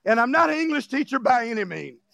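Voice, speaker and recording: A male pastor delivers a fiery revival sermon, frequently shouting with emotional cries and joking and laughing with the congregation in casual, informal grammar. His voice is very high and sing-song, with vocal fry, and he talks fast.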